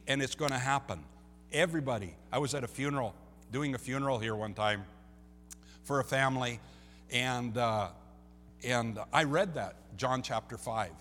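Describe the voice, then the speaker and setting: Lively preaching man in a reverberant hall. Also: mid-range voice, a little hiss or hum. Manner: lively preaching, rising and dropping in loudness, repeats phrases. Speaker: pastor. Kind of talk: sermon.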